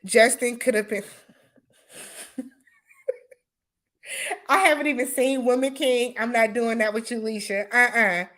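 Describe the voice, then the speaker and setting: A woman hosting a casual livestream, her voice bright and a little high. She chats loosely with viewers, answers their comments and laughs often. Her easygoing speech is full of y'all and imma. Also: fairly even intonation, unhurried, long pauses. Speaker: livestream host.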